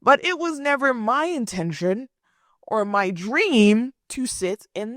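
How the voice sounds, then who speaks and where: A young woman hosting a podcast, telling a story in a sassy, animated way with playful asides. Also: fairly high pitch, slow pace, no echo, studio quality. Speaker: podcast host.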